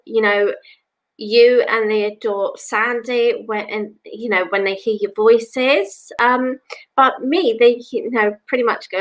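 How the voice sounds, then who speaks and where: A woman's voice: medium pitch, fairly bright tone, rough recording. A woman from England who reads cards as a psychic, chatting on a live stream with viewers in a rambling way, with many "you know"s. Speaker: psychic reader. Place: home.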